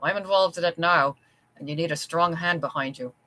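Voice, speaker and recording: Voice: mid-range voice, fairly quick, sharp tone, a little hiss or hum, lightly acted. A reader voicing a blunt, protective chambermaid in an audiobook story. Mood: fierce. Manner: blunt, plainspoken.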